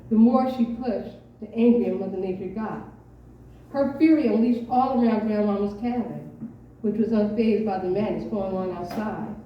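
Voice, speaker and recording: A woman at an open mic, reading her own short story aloud in a measured storytelling voice, with hesitant asides between pieces. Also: mid-range voice, slight background noise. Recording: echoey dull room from far off.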